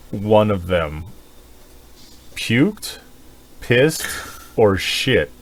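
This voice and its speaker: A man co-hosting a podcast, telling a crude, animated story with lots of swearing and laughing. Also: low-pitched, slight background noise. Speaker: podcast co-host. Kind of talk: casual chat.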